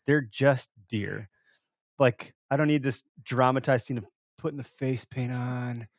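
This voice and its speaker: A man's voice: medium pitch, unhurried, no echo, studio quality. A man hosting a podcast, chatting casually and joking around with some swearing. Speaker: podcast host. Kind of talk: casual chat.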